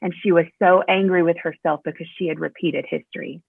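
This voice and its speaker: A woman assistant principal telling a personal story in an interview, animated and full of fillers. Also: on the low side, fairly quick, vocal fry, husky, no echo. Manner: animated storyteller, fillers, voice jumps up when quoting. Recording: tinny phone-line audio, dry.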